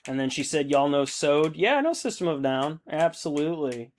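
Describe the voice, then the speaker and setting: A man's voice: a little high, expressive, fairly quick, slight background noise. A man in his thirties hosting a hobby stream, chatting casually and reading out viewer comments, rambling and swearing freely. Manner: laid-back, rambling, swears a lot.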